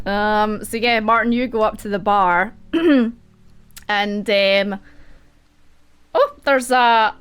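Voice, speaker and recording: A woman's voice: mid-range voice, slow, long pauses, a bit bright, clean tone. A young Scottish woman narrating as game master, rambling and laughing often.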